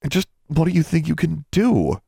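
A man's voice: low voice, brisk, vocal fry, a little mellow, no echo, clean studio sound. A man voicing a stubborn, determined young witch girl who speaks firmly.

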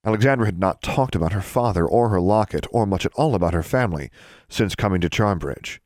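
Man reading a story aloud, kinda low voice but lively, dry close mic. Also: a little fast, no echo. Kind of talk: audiobook narration.

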